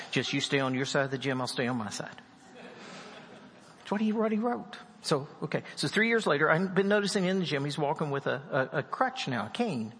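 A man's voice: fairly high pitch, a bit bright, slightly rough, in a large hall. A man from West Virginia preaching a sermon, telling a story and acting out the people in it. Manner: storytelling preacher, acts out the people in his stories. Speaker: pastor.

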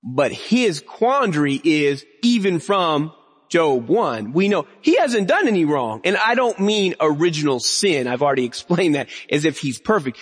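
A man's voice: on the high side, big pitch swings, normal speed, slightly rough. A man preaching a sermon, earnest and building to emphatic raised lines. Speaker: pastor. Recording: long reverb of a hall.

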